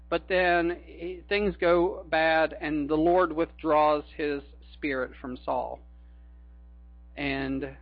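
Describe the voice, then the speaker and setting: A high-voiced man delivers a folksy, conversational sermon, slipping homey jokes in among the scripture. The recording is dry and a little muffled. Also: dry recording. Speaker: preacher.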